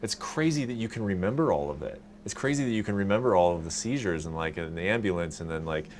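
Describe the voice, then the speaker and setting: A man with a very low voice asking questions at a quick clip in a relaxed, chatty interview. Faint background noise runs under his voice. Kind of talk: casual interview.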